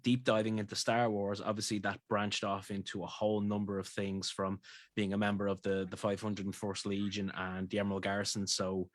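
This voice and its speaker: A young Irish man, a guest on an interview show, telling his story in a relaxed, reflective way. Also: lowish voice, a little fast, dry recording, clean studio sound. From Ireland. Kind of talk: casual interview chat.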